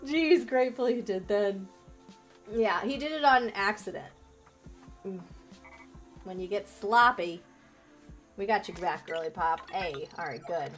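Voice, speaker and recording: A woman's voice: medium pitch, measured pace, long pauses, soft background music. A woman streamer chatting casually and playfully while playing a game, laughing often. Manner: giggly, playful, joking. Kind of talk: casual chat.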